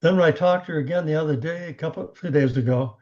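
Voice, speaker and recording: A man giving a motivational coaching talk on a team call, animated, acting out the conversations he retells. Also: fairly high pitch, quick pace, highs cut off. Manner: animated storyteller who acts out quoted conversations.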